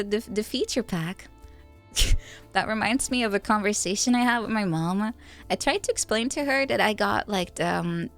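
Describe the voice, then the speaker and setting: A woman chats casually on her stream from her apartment in Japan, laughing often and poking fun at herself. Her voice sits at a mid pitch, with soft music faintly behind her. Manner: chatty, laughs often, self-mocking.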